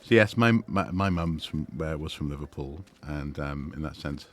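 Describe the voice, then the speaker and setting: A man's voice: rumbling low, moderate pace, slight background noise. A man streaming a game, chatting and musing with lots of fillers and restarts. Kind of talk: gaming livestream commentary.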